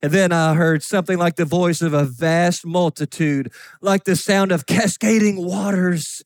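A man preaching a sermon as pastor, reading scripture aloud with fervent emphasis that rises to shouts. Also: sits high, dry recording. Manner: fervent, rising to shouts on key points.

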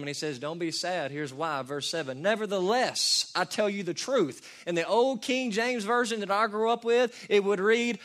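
A man preaching a sermon, animated and folksy, swinging from loud emphatic peaks to quiet asides. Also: a little high. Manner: preaches verse by verse, folksy and conversational. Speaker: pastor.

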